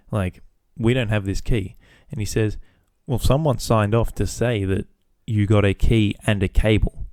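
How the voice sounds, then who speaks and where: A man's voice: on the low side, steady tone, moderate pace, few pauses, a little mellow, no echo, clean studio sound. A man hosting a podcast, telling a casual story about his workday with swearing, acting out both sides of phone calls. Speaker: podcast host.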